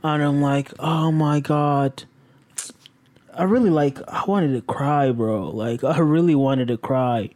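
Swearing, animated voice recapping a show. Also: moderate pace, hardly any pauses. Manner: animated, swearing, exclamatory, with sudden leaps in pitch. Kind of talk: casual recap of a crime show.

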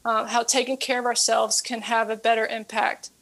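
A woman's voice: a little high, level tone, normal speed, creaky, a bit bright. A woman fitness coach and author, speaking as an interview guest and telling a story earnestly, often repeating her words.

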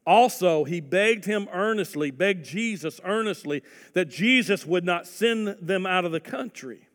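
A man preaching a sermon, his voice rising loud for emphasis and sinking to soft, earnest appeals. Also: high-pitched, lively intonation, measured pace. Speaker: pastor. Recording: long hall reverb.

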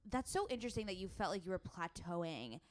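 A woman hosts a casual interview, affirming her guest and filling the gaps with frequent backchannels. Her voice sits fairly low. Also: very animated, brisk. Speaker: podcast host.

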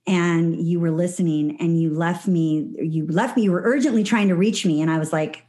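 Chatty woman podcast host, lowish voice. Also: fairly quick, hardly any pauses. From Southern California. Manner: warm, chatty, lots of fillers and restarts. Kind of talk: casual podcast conversation.

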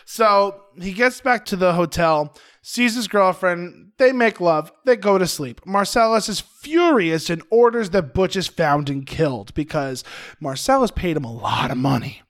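Brief: high-pitched male podcast co-host, very expressive, recaps films with lively energy. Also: measured pace. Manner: animated storytelling with playful impressions. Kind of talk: casual film recap chat.

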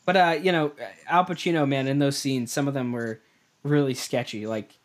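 A man's voice: mid-range voice, fairly even intonation, moderate pace. A man co-hosting a casual movie review podcast, talking things through with repeated words and chuckles. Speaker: podcast co-host.

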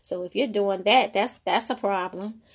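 A woman's voice: mid-range voice, normal speed, slightly rough. A woman in her thirties, a mother of two, talking casually about parenting and faith in a rambling, conversational way. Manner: conversational, rambling, frequent "you know". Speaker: mother sharing parenting thoughts. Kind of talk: casual faith-based monologue.

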